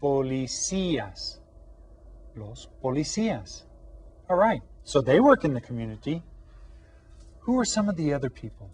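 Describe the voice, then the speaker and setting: A man teaching children an elementary Spanish lesson, patient and questioning, drawing out each new word slowly and asking the class to repeat. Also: mid-range voice, darkish tone, slightly rough. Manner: asks questions and pauses for answers.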